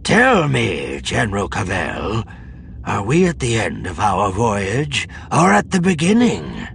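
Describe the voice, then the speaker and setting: A man voicing a sinister, gloating dark Jedi master in an audiobook, speaking slowly and theatrically. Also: fairly low pitch, huge pitch swings, gravelly, slight background noise, voice pushed up, heavily acted. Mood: amused. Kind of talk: audiobook narration.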